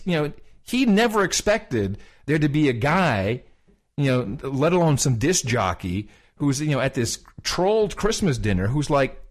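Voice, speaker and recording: A man co-hosting a podcast, casually retelling a conversation with lots of fillers, restarts and quoted dialogue. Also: medium pitch. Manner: animated retelling, quoting others, many fillers and restarts. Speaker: podcast co-host.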